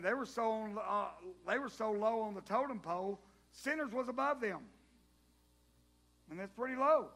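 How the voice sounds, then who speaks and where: A male preacher retells a story from scripture in his sermon, lively and joking with the congregation. His voice sits high and comes across forceful and bright. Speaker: pastor.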